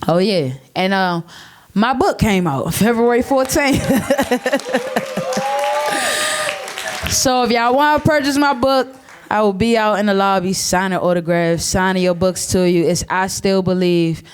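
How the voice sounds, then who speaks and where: A man's voice: high-pitched, a little slow, noisy background. A man speaking casually to a live audience from a stage, loose, slangy and heartfelt. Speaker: panelist and community youth worker.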